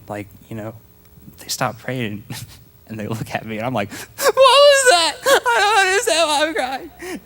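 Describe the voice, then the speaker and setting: Speaking in a large hall, a young church speaker shares his testimony with the congregation in a casual, storytelling way, playing out his former self. His voice is lowish with a fairly bright tone.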